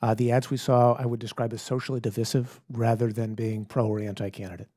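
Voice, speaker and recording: Fast-talking man testifying, mellow voice. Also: mid-range voice, flat delivery. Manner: quick, careful answers with self-corrections. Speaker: tech company executive witness. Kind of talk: testimony at a hearing. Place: hearing room.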